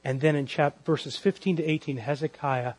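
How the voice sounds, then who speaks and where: A man's voice: on the high side, steady tone, normal speed, a little mellow, a little hiss or hum. A man preaching an expository sermon as pastor to a congregation, pressing his listeners with emphatic, repeated rhetorical questions.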